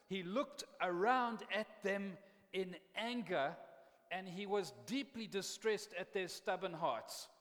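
A man's voice: high voice, a bit bright. A man pastor preaching a sermon in a conversational, impassioned way, often repeating words as he builds up steam. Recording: long reverb of a large hall.

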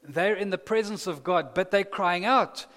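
A man's voice: high voice, normal speed, a bit bright. A man preaching a sermon, earnest and building to impassioned emphasis. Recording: long reverb of a large hall.

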